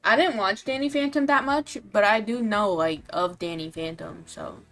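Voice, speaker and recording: A young adult woman chats casually while streaming a game, reacting quickly and excitedly. Her voice sits at a mid pitch. Faint music plays behind her. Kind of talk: casual livestream commentary over a game.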